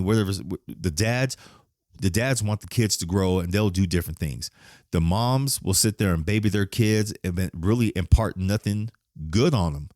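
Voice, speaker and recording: A middle-aged man with a very deep voice talks through a personal podcast monologue. He is raw and frank, swears freely, and gets emotional as he goes. The sound is close and dry, with no room around it. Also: moderate pace, darkish tone, dry recording. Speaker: podcast host.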